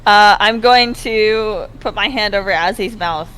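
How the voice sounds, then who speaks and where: A woman playing a tabletop game casually, with a giggly, drawn-out delivery. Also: medium pitch, fairly bright tone, poor audio. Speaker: player.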